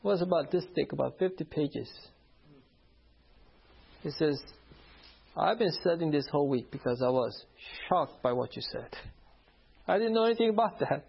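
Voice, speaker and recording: A man's voice: on the high side, lively intonation, moderate pace, vocal fry, pauses often, husky. A man preaching, telling a personal story from the pulpit, often laughing and acting out the voices of the people in it. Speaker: pastor. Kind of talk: sermon storytelling. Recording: dull lo-fi sound.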